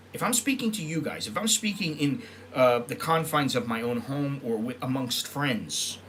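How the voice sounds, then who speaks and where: Pushed and bright, his fairly high voice carries a rambling, casual monologue as this middle-aged US vlogger retells what people said in character and corrects himself along the way. Slight background noise is present.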